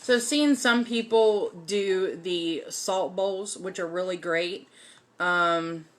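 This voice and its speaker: A woman hosts a relaxed livestream lesson on household magic, her voice sitting a little low. She talks slowly and chattily, filling pauses with frequent "um"s as she goes. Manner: chatty, many um fillers. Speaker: host teaching folk magic.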